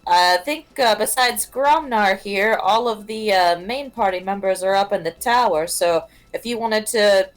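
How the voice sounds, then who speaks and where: A woman's voice: medium pitch, low-quality recording. A woman narrating a tabletop game as game master, hesitant and full of fillers.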